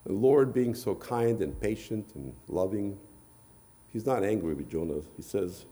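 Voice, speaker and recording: A man delivers a sermon in a mellow, dark voice. He retells scripture with old-fashioned phrasing and often stumbles back over his words. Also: lowish voice, animated, a little slow. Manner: retelling scripture with archaic quotes and repeated words. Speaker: preacher.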